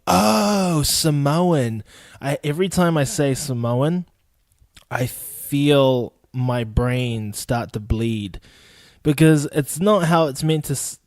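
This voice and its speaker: A young man from New Zealand with a New Zealand accent, hosting a casual solo podcast in a blunt, profane way and mimicking people in high, excited voices. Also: dry recording. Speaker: podcast host.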